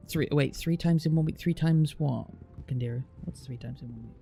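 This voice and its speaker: A man's voice: fairly high pitch, normal speed, creaky, warm tone, slightly rough, faint music behind. A British man live-streaming, reading out place names one by one and chatting casually with his viewers, with the odd swear.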